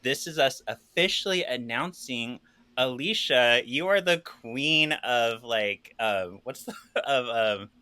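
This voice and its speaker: A playful man hosting a casual podcast, upbeat and quick to joke. His voice is bright and forward. The recording is dry and close. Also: mid-range voice, expressive, clear, resonant tone, dry recording. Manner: upbeat, playful, fumbles for words. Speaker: podcast host.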